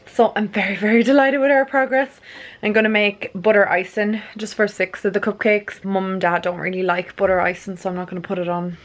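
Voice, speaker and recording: A woman from the UK or Ireland chats casually to her own camera in a home kitchen. She talks in a medium-pitched voice, a little out of breath, with frequent "like" and "um" and quick laughs. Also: flat delivery. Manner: chatty, lots of "like" and "um", laughs easily. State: a bit out of breath. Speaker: vlogger. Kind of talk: casual vlog chat.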